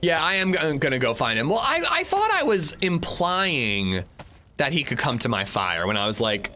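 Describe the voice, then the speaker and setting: Bright-voiced young man chatting on stream. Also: mid-range voice, huge pitch swings, moderate pace, a little hiss or hum. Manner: chatty and rambling, frequent restarts and fillers. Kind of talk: casual gameplay livestream chat.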